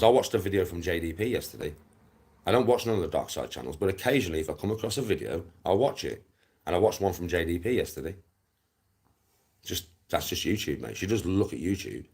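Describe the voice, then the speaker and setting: A middle-aged man with a Black Country accent rants at his critics on a livestream. His voice sits low and has a husky edge. He swears constantly, repeats himself and sounds scornful throughout. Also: darkish tone. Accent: Black Country English. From England. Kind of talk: angry livestream rant.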